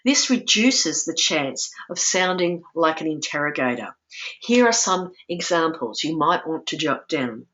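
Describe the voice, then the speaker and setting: A woman with a low-pitched voice presents a webinar lesson. She is calm and instructive, and she says sample phrases gently. The audio comes through dull and muffled, like a webinar recording. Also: unhurried. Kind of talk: lecture-style webinar.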